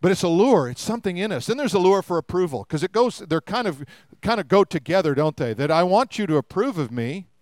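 A man's voice: high-pitched, sing-song, fairly quick, darkish tone, no room sound. An older man preaching a sermon in a conversational way, with humorous asides and rhetorical questions to the congregation. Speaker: pastor.

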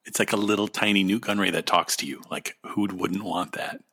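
A man's voice: low-pitched, steady tone, fairly quick, fairly bright tone. A man co-hosting a casual comedy chat, joking, riffing and laughing often. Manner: joking, laughs often, riffs on absurd ideas. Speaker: podcast co-host.

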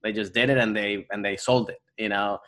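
A Venezuelan-accented man with a fairly low voice, chatting as a guest on a podcast. He talks loosely, circling back with fillers and restarts as he works out what he means. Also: fairly even intonation, a little fast, a bit bright. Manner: rambling, many restarts and fillers. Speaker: actor and comedian guest. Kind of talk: casual podcast interview.

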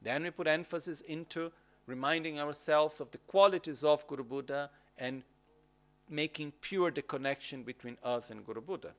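Calm guy teaching meditation, kinda high voice, keeps asking "okay?". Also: normal speed. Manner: calm, repetitive instructive phrasing, checks in with "okay?". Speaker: Buddhist teacher. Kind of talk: dharma teaching on retreat.

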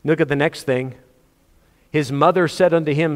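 A man preaching a sermon, telling the story with animated, acted-out scenes. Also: fairly high pitch, moderate pace. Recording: long hall reverb.

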